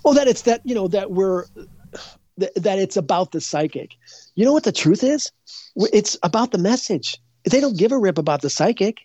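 A high-pitched, expressive, mellow voice at normal speed belongs to an older Minnesota man who is a guest psychic. With no room sound, the dull, dry lo-fi recording catches him rambling casually through interview stories, full of fillers and restarted sentences.

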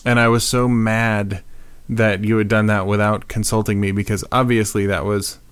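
A man co-hosting a podcast, chatting casually and telling animated, swear-laced stories about his dreams. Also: lowish voice, moderate pace, smooth, no room sound. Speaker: podcast co-host. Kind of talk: casual chat.

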